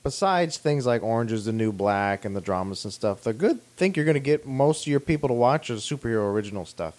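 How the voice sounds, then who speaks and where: A man co-hosting a podcast, jumping in with quick jokey remarks and questions in casual chat. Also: mid-range voice. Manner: quick interjections, jokey, lively. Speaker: podcast co-host.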